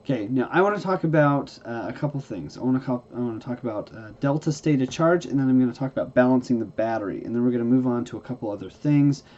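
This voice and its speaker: Fast and expressive with few pauses, a man with a mid-range, somewhat dark voice teaches hybrid battery care. Despite the speed, he's tired and yawning, often tossing in "okay?" and starting sentences over in his folksy, casual explanation. The recording is lo-fi and slightly dull.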